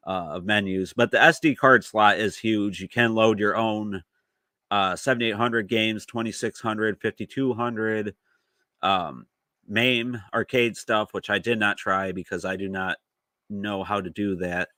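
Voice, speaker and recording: A man's voice: on the low side, fairly even intonation, unhurried, pushed and bright, no echo. A man hosting a retro gaming podcast, talking in a laid-back way with lots of fillers. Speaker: podcast host. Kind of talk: casual chat.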